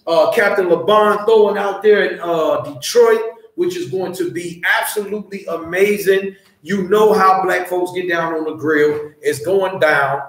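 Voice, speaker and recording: A man teaching a scripture class, loud and profane, fired-up like a street preacher. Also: high-pitched. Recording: very echoey room.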